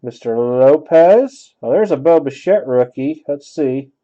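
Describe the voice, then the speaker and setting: A man's voice: medium pitch, expressive, measured pace, dark tone, dull audio. A man hosting a card break, giving offhand running commentary and thinking aloud as he opens packs. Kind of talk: casual card-opening commentary.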